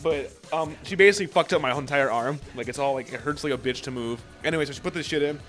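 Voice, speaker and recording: A man's voice: fairly high pitch, fast talker, soft background music. A young man telling a long story in casual chat, swearing often and acting out what others said. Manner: profane, animated storytelling with acted-out quotes.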